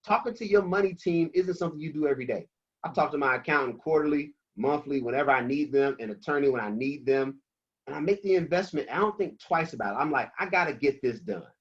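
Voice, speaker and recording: A man talking about money on a video call, emphatic, slangy and energetic. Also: fairly high pitch, fast talker, slightly rough. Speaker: financial coach guest. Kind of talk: animated motivational talk on a video call. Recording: dull lo-fi call audio.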